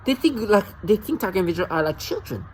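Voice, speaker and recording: A man's voice: high-pitched, expressive, fast talker, slight background noise, poor audio. A man vlogging alone in a rambling, agitated and mocking rant, often stumbling and restarting his sentences. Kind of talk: rambling monologue to camera.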